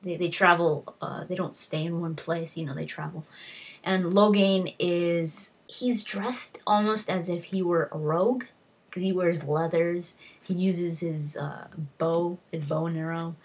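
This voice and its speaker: A woman with a low, breathy voice talks through a book's plot in a loose, unscripted way. She circles back on herself and fills gaps with "like" and "you know" as she retells each scene. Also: steady tone, unhurried. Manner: rambling retelling with frequent "like" and restarts. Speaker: book reviewer. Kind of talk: casual spoken book summary.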